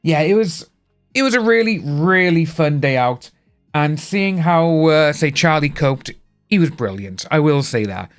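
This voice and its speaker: A man's voice: a little high, animated, unhurried, smooth, faint music behind. A young British man chatting casually on a live stream, rambling and greeting viewers by name. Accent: British English. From United Kingdom.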